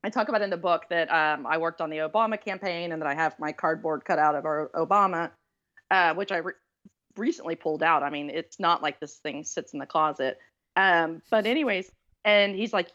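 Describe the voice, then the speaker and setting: A woman's voice: low voice, fairly quick, fairly bright tone, dull audio. Chatty woman telling dating stories. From Southern US, Texas. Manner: chatty, self-deprecating, many fillers. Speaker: author guest. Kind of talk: casual storytelling interview.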